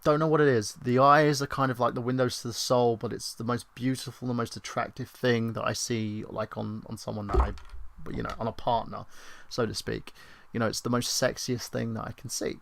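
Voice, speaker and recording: Male stream host, chatty and joking, mid-pitched, slightly gravelly. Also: level tone, fairly quick, fairly bright tone. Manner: chatty and crude, joking, restarts and trailing asides. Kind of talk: casual rambling chat.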